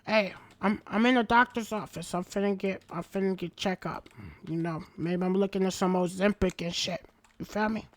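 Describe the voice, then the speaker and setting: A woman's voice: mid-range voice, fairly even intonation, normal speed, natural voice. A woman playing a brash, crude-talking male street hustler in a game role-play, full of slang and jokes. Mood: joking, crude.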